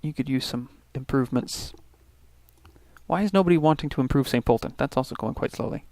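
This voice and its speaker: A man's voice: medium pitch, a little fast, a little mellow, no echo. A man from Canada hosting a let's play, casually thinking aloud through his turns with restarts and little asides. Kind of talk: casual gameplay commentary.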